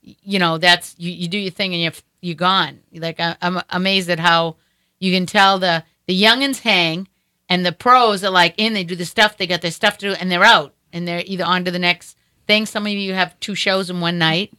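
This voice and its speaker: A woman's voice: on the low side, fairly even intonation, normal speed, sharp tone, clean tone. A woman with a Boston accent hosting a casual comedy talk show, chatting in long rambling runs full of restarts and fillers. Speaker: host. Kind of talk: casual interview chat.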